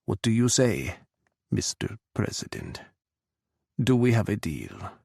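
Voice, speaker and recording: A man's voice: lowish voice, very animated, slow pace, creaky, darkish tone, slightly rough, no room sound, clean studio sound, exaggerated voice. A man voicing a scheming, restless Russian president with a thick Russian accent and a smirking, cutting manner. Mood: sly.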